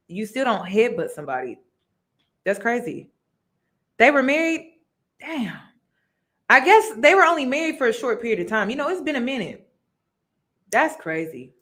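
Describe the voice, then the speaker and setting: A woman hosts a casual review vlog about a reality show, her medium-pitched, slightly bright voice sing-song at a moderate pace with frequent pauses. She chats emphatically with viewers, repeating her points.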